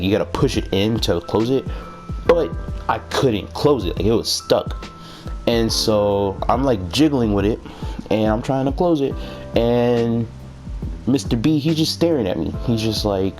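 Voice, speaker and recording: A man's voice: on the low side, darkish tone. A man telling a dramatic, joking story as a storytime vlogger. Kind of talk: animated storytime narration.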